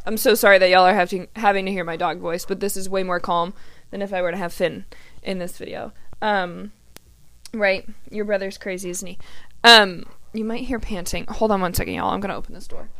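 A woman's voice: medium pitch, moderate pace, fairly bright tone. Chatty woman with lots of ums. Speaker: podcast host. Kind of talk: casual chat. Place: grandparents' house.

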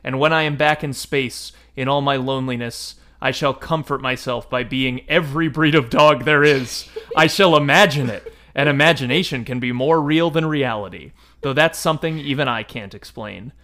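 Grave, lonely old star-dog read by a man, measured and noble. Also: medium pitch, bright, forceful tone, lightly acted. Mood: wistful. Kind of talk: reading a book passage aloud.

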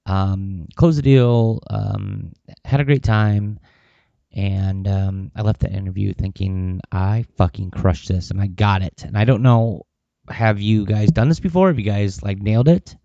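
A man's voice: on the low side, a little slow, vocal fry, warm tone, no room sound, dull audio. A man talking casually in a personal vlog, rambling with lots of fillers and swearing. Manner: rambling, profane, with many fillers. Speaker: vlogger.

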